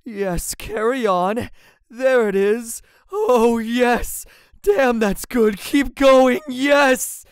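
A man doing a slow, haughty smug persona. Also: very high voice, clear, resonant tone, dry recording, studio quality, heavily acted. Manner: slow, deliberate, grandly dismissive. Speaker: hired voice actor.

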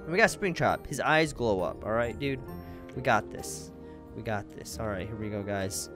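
A man hosting his gaming channel, giving chatty, excitable gameplay commentary and talking straight to his viewers. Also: on the low side, normal speed, music in the background. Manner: excitable, chatty, keeps addressing viewers as guys.

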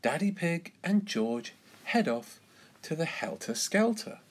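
A man, an English teacher, reading a children's storybook aloud in an expressive, careful way. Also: fairly high pitch, slow, husky.

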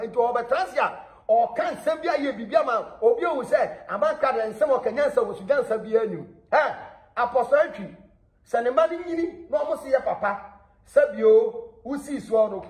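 A man from Ghana hosting a celebrity gossip channel, talking in an animated way and often laughing as he speaks. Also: sits high. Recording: echoey room.

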